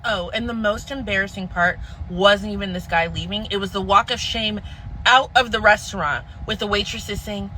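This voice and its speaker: A woman with a very bright, edgy voice recounts a date that went wrong. She speaks bluntly and sounds fed up, in casual story-time style. A faint noise hums in the background. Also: mid-range voice, steady tone, normal speed, low-quality recording. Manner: blunt, exasperated retelling.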